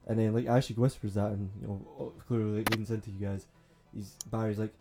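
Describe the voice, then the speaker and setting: A man, narrating as game master with rough, swearing banter and frequent laughs. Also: lowish voice, steady tone, fairly quick, few pauses, mellow, faint music behind. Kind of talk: narrating a tabletop role-playing game.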